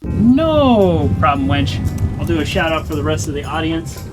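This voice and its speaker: On a livestream with game music behind him, a man comments casually as he plays, his fairly high voice flat and a little fast. He's chatty and self-deprecating and laughs often.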